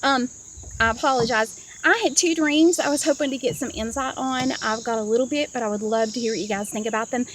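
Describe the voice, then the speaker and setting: A woman's voice: a little high, brisk, fairly bright tone, slight background noise, low-quality recording. Chatty woman vlogging from her car. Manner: chatty, rambling, many fillers and asides. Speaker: vlogger sharing dreams. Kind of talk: casual storytelling vlog. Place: inside a parked car on a hot day.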